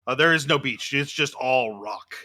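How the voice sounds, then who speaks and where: A man's voice: mid-range voice, moderate pace, pushed and bright. A man running a tabletop role-playing game, explaining the rules and narrating the action vividly. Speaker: game master.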